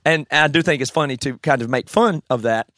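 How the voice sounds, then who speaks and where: Bright-voiced Southern man, opinionated. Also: mid-range voice, fairly quick, dry recording. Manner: animated, opinionated, laughs often. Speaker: conference guest. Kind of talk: casual conversation.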